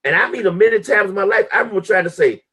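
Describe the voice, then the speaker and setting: A man's voice: lively intonation, racing, sharp tone, slightly rough. A middle-aged man speaking as a guest on a live stream, giving a motivational talk with emphatic, sweeping delivery. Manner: emphatic preacher-like delivery with big pitch swings. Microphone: live stream call audio.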